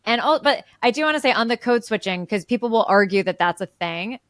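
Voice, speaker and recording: A woman co-hosting a podcast, making measured, argumentative points in casual political chat. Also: fairly high pitch, animated, no echo. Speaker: podcast co-host.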